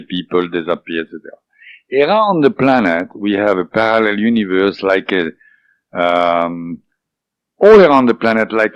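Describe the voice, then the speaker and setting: A man with a French accent, whose first language is French, recounting a personal experience in an interview with many fillers and restarts. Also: no echo. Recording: dull, dry low-fidelity audio.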